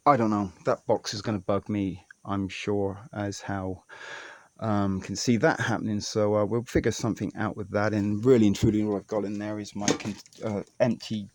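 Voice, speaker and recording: A man's voice: lowish voice, level tone, normal speed, noisy background. Rambling man giving a casual vlog tour. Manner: rambling, off-the-cuff, fond of mild swearing. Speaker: vlogger. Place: small indoor home space.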